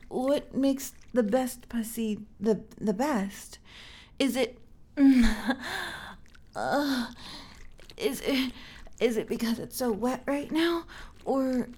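A young woman plays a curious, tender alien in a human body in this whispered role-play. The voice sits slightly high and breathy, and she speaks slowly. She trips over her words, giggles, and stays close to the mic. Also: exaggerated voice. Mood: playful. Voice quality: breathy, soft. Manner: halting, repeats words, giggly.

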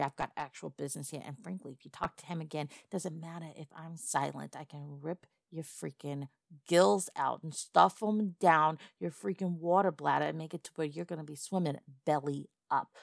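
Woman playing a female goblin, gravelly voice, low pitch, dry close sound, blunt and threatening, role-play audio. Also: normal speed, no echo. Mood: angry.

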